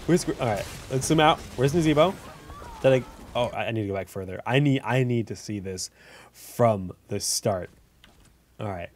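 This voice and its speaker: A host comments casually on viewer-submitted game replays, chatty at a middle pitch and moderate pace, with a little hiss or hum on the audio. He often stumbles over words and restarts, correcting himself, and breaks into excited shouts or yelps at big plays or when things go wrong.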